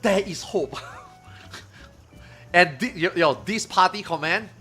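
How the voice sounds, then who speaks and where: A man streaming at a slow pace, his voice high, relates a story to chat in an easygoing, lively manner. He swears freely and plays out his friends' dialogue over soft background music.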